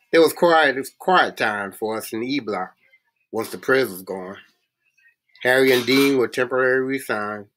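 A man reading a novel aloud in a halting way, often stumbling and restarting words. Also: medium pitch, a bit bright. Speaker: reader.

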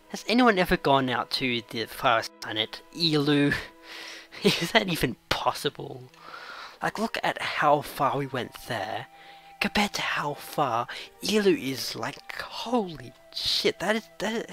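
A man's voice: medium pitch, poor audio. A man hosting casual let's-play game commentary, rambling and giggly, cracking jokes as he goes. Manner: wears headphones while talking. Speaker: gaming channel host. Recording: loud steady background noise.

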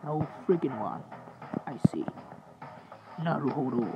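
A man giving sleepy, swear-filled gaming commentary, trash-talking opponents and mocking himself, with loud game noise underneath. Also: mid-range voice, normal speed, creaky, pauses often. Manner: sleepy, swearing trash talk with self-mockery. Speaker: gamer. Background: loud game sounds.

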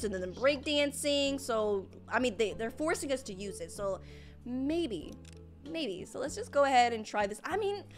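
A young woman streaming live gameplay, excitable and panicky, piling up "oh my gosh" and repeating herself as she reacts. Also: sits high. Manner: excitable, panicky, talks fast with many "oh my gosh".

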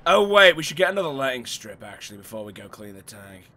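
A man streaming a horror game, his voice hoarse and strained from overuse, rambling and laughing between bits of chat with viewers. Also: mid-range voice, big pitch swings, fast talker, sharp tone, a little hiss or hum. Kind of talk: casual gameplay livestream chat.

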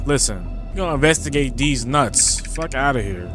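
A young man commentating a horror game he is playing, loud, profane and joking as he talks back at it. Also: mid-range voice, animated, moderate pace. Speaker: gaming streamer. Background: game music.

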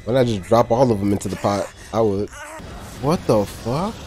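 A man's voice: fairly low pitch, moderate pace, mellow, soft background music. A young man casually reacting to a movie, talking in loose slang, cursing and laughing a lot.

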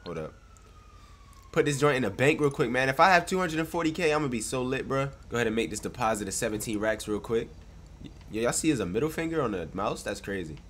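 Congested from a cold, a young gaming streamer with an expressive mid-range voice commentates quickly over his gameplay. His talk is slangy and hyped, broken up by loud outbursts.

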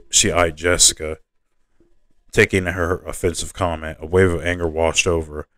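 A man reads his own novel aloud in a very low, deep voice. The delivery is plain, with the occasional stumble and restart. The recording is close and dry, with no room sound. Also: little pitch movement, moderate pace, a bit bright, no echo. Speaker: author reading his novel. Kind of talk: audiobook narration.

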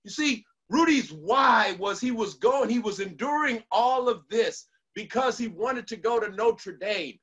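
Bright-voiced preacherly motivational speaker man. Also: extremely high pitch, expressive, unhurried, few pauses, slightly rough. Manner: preacherly, repeats lines for emphasis, leads call-and-response. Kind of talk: motivational speech to an online audience.

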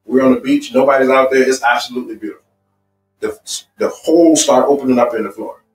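Speaking fast at medium pitch, a man teaches a marriage seminar in an echoey seminar room, picked up by a distant mic with faint music behind. He's emphatic and repetitive, stacking phrases and illustrating points with personal stories.

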